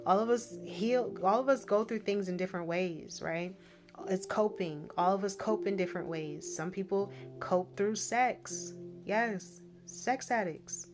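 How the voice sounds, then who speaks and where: Woman spiritual reader, mid-pitched, talks loose and chatty with constant check-ins, music under her. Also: unhurried. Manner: chatty, repeats tag questions like "right?" and "okay?". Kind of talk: casual intuitive message reading.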